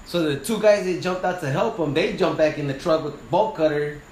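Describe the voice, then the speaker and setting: In casual chat, a man who is a sawyer and wildland firefighter recounts a story, voicing the people he quotes with lively, profane energy. His voice is fairly high and a bit fast, and the room sounds spacious with a little noise.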